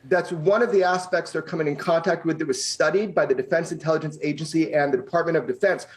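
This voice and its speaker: A man guest on a televised news interview, explaining with confident emphasis. His voice sits a little higher than most men's. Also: quick pace.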